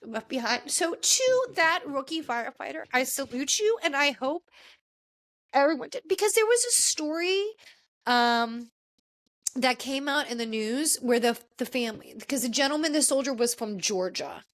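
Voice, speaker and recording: A woman hosting a casual podcast, talking in an emotional, halting way and choking up as she goes. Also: sits high, lively intonation, a bit bright. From Washington, D.C. area. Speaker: podcast host.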